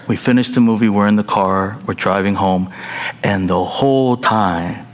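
A man preaching a sermon and telling a personal story, in an animated way with high excited bursts. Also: measured pace. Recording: long reverb of a large hall.

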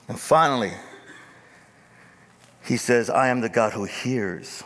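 Slow-preaching man in a reverberant hall. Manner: emphatic preaching, swings from loud high peaks to low casual asides. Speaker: pastor. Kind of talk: sermon.

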